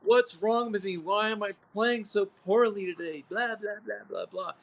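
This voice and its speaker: A man's voice: sits high, normal speed, pitched above the performer's own voice. A man putting on the voice of a frustrated adult tennis player who whines and pities himself. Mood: whining. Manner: whining, self-pitying.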